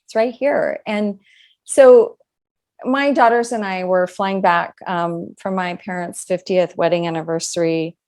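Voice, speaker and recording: A middle-aged woman speaking in a slightly low voice, telling a personal story as an interview guest. She talks in an earnest, reflective way and quotes dialogue as she goes. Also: fairly even intonation, unhurried, a little mellow. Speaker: guest author.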